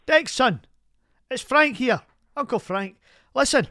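A man's voice: very high-pitched, animated, slow, pushed and bright, no room sound, clean studio sound, voice pushed up, heavily acted. A man putting on a blunt older uncle who banters and laughs as he gives advice. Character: gruff older Scottish uncle, accordion player.

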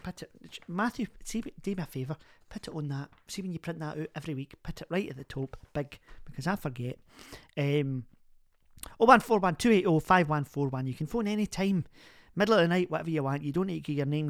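A man's voice: on the high side, brisk, no echo, studio quality, close to an everyday voice. A man voicing a chatty middle-aged Scottish woman who hosts a comic advice podcast, rambling and homely with frequent laughs.

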